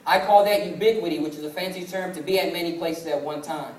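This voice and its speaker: A sales presenter in his twenties, with a voice on the high side, gives a motivational business presentation in a fast, steady, slightly mellow tone. He tells stories and acts out family dialogue, recorded from far off in an echoey hall with faint ambience.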